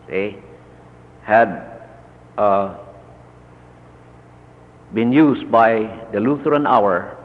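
A man, a Lutheran church leader, slowly recounting a personal story in a measured talk full of pauses. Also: mid-range voice. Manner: slow, measured, with many pauses and fillers. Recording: dull, lo-fi recording with long reverb.

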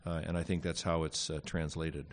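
A man teaching a Greek grammar class in a casual lecture, pausing often with fillers and dropping wry asides. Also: a bass voice, flat delivery, a little hiss or hum.

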